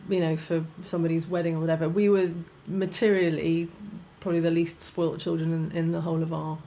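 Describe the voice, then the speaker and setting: A middle-aged woman with a posh English accent, a stand-up comedian chatting as a guest in an animated, self-deprecating way, often restarting and laughing. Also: low-pitched, fairly quick, slight background noise, poor audio. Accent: posh southern English. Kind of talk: casual chat.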